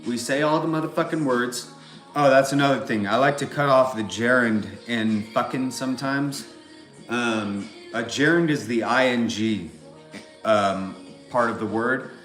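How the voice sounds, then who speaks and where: A man's voice: mid-range voice, a little slow, fairly bright tone, soft background music. A man from California with a Californian accent, talking in a rambling, profane monologue that keeps circling back on filler phrases. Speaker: vlogger. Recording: roomy echo.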